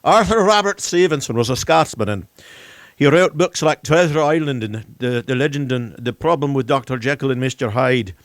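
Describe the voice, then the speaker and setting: A man's voice: medium pitch, normal speed, no room sound, lightly acted. Man doing a put-on Scottish accent, clumsy and exaggerated, slightly off-mic, dry sound. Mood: mock-serious. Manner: exaggerated, self-mocking.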